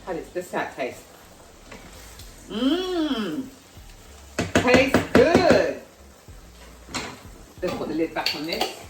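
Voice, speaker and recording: Vlogger: London woman, lowish voice, chatty cooking talk, echoey kitchen away from mic, frying behind. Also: brisk, hardly any pauses, recorded from a distance, noisy background. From South London, England. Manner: chatty, self-deprecating, talks while cooking. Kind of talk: casual cooking vlog chat. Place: home kitchen. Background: frying and sizzling food.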